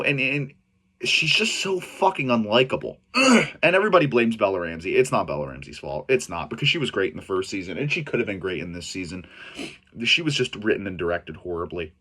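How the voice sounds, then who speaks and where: Young guy ranting in a casual review, low-ish voice, swears a lot, trips over his words. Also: sing-song, a little fast, pushed and bright, slightly rough. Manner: blunt, profane, with frequent restarts and stumbles. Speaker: show reviewer.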